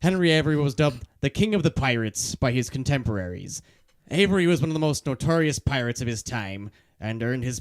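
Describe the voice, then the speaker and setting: Deadpan man reading notes on a podcast. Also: mid-range voice. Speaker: podcast co-host. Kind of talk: reading out notes in casual chat.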